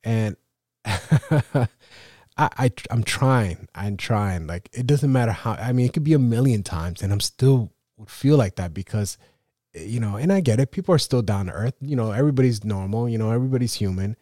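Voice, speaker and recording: A man's voice: fairly low pitch, animated, normal speed, warm tone, dry recording, clean studio sound. A man hosting his own photography podcast, talking in a rambling, self-deprecating way with many fillers and restarts. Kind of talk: casual solo podcast monologue.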